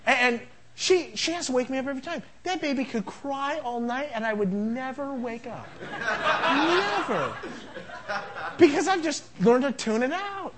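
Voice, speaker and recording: A man's voice: extremely high pitch, lively intonation, measured pace, background noise. A middle-aged man preaching a sermon, telling family anecdotes and acting out both sides of conversations with humor. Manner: anecdotal, jokey, acts out dialogue. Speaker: pastor.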